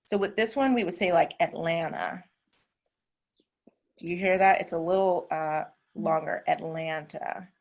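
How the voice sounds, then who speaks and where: A woman with a Southern American accent, teaching an English class over a video call and explaining patiently with drawn-out words. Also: fairly low pitch. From southern United States. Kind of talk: online class instruction.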